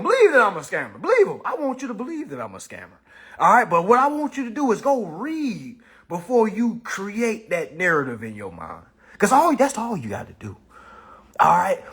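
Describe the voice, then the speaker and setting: A man teaching and mentoring, talking casually to his viewers in a blunt, profane, animated way. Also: a little high, breathy edge. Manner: blunt, profane, animated, keeps saying "all right".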